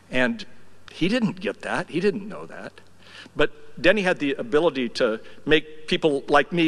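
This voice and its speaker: An older man speaking at a memorial service in a church, telling wry, affectionate stories that sometimes drop to a soft, emotional tone. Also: medium pitch. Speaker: eulogy speaker. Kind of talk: memorial tribute speech. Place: church sanctuary. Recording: reverberant church hall.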